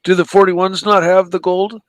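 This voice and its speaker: Male co-host, halting casual chat, fairly high pitch, clean dry sound. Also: level tone, no echo. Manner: hesitant, full of ums and restarts.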